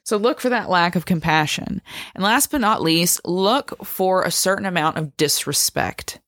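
Earnest low-voiced woman explaining. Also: normal speed, fairly bright tone, no echo, clean studio sound. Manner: earnest, emphatic, repeats "right?" and "okay?" to check in. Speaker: speaker explaining a psychology topic. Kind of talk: explanatory monologue, podcast-like.

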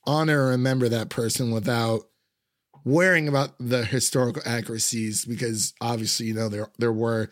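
A man's voice: medium pitch, steady tone, a little fast, dry recording. Man, casual film chat, rambling, lots of fillers, dry close recording. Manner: rambling, frequent fillers, laughs often.

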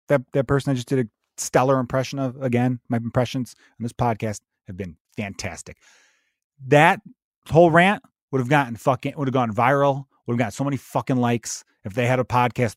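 A man hosting his own podcast, ranting in a profane, animated, conversational way. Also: medium pitch, no echo, studio quality. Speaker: podcast host, comedian. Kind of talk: solo podcast rant.

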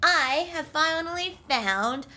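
A woman co-hosting a podcast in lively casual chat. Her voice is bright and forceful, a touch higher than most, and she talks loudly and laughs often. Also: slow pace. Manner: loud, laughs often, animated. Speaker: podcast co-host.

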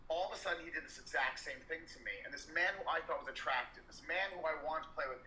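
A man with a very bright, forceful voice and a slightly raised pitch co-hosts a candid chat. He rambles and restarts, landing points with blunt emphasis. The sound is echoey, as if taken in an open room. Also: fast, a little hiss or hum. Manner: rambling, emphatic and profane, with many restarts and fillers. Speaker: podcast co-host.

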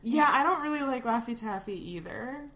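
A woman's voice: high-pitched, brisk, pushed and bright. A woman co-hosting a podcast from her kitchen in casual chat, wry and giggly with dramatic complaints. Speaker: podcast co-host.

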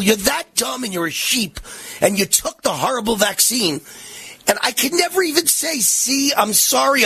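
A man's voice: very high voice, lively intonation, moderate pace, creaky, bright, forceful tone, breathy edge, no echo. A man in his sixties hosting a political talk radio show, combative and mocking, his voice rising into sing-song taunts. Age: 60s.

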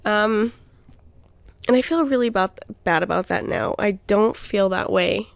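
A woman's voice: mid-range voice, measured pace, gravelly, no echo. A young woman hosting her own podcast, chatting casually and rambling through a personal update with lots of fillers and restarts. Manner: rambling, self-interrupting, filler-heavy. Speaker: podcast host.

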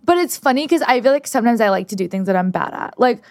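A woman's voice: a little high, quick pace, no room sound, studio quality. A woman in her twenties co-hosting a podcast, chatting casually and acting out quotes as she tells stories. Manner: animated storytelling, acts out quotes. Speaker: podcast co-host. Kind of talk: casual chat.

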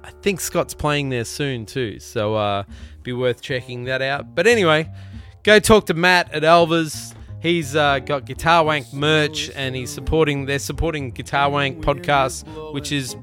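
A man's voice: fairly high pitch, a little slow, fairly bright tone, soft background music. A man with an Australian accent hosting a podcast in loose, rambling casual chat, swearing freely and joking around. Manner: loose, profane, rambling and jokey. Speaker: podcast host.

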